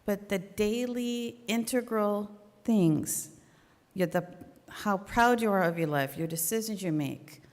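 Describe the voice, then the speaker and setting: Woman, middle-aged, earnest conversational church talk, medium pitch, long hall reverb. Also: slow pace, darkish tone. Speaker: church member giving a talk. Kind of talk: personal faith talk at a memorial service.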